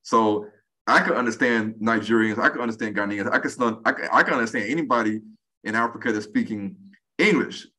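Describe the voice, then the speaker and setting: This voice belongs to a man from the United States in his forties, pitched on the low side and brisk. Appearing as a guest on a podcast, he talks casually and brings his stories to life by performing the lines people said.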